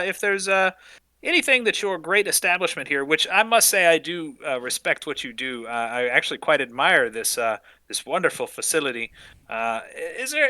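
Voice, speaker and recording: A goblin alchemist puffs himself up with grand, roundabout phrases and keeps stumbling over them, as a man plays him. The voice is sharp and bright, pitched a bit high, and sounds close and dry. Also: no room sound, heavily acted. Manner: hesitant, flowery, full of fillers. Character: pompous goblin alchemist posing as important.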